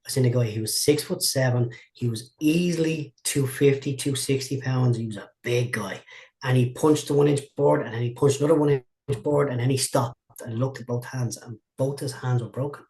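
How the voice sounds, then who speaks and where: This man, a martial arts instructor, rambles through long stories during a relaxed interview, frequently repeating himself and starting over. He speaks at a normal speed in a mid-range, slightly mellow voice.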